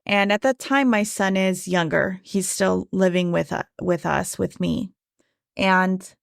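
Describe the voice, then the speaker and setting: Gravelly-voiced woman podcaster in her thirties. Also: medium pitch, darkish tone, dry recording, studio quality. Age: 30s. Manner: casual, conversational, frequent "like" and "right?". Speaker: podcast host. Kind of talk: personal storytelling monologue.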